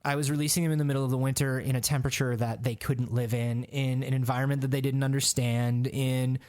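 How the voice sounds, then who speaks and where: A man's voice: medium pitch, little pitch movement, fast, a little mellow. Wry male podcast co-host. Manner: wry storyteller, riffing. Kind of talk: casual comedic chat.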